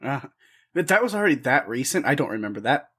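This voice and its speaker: A man's voice: mid-range voice, very animated, fast, pushed and bright. A male podcast co-host chatting casually, giggly and self-deprecating, laughing so hard he is in tears.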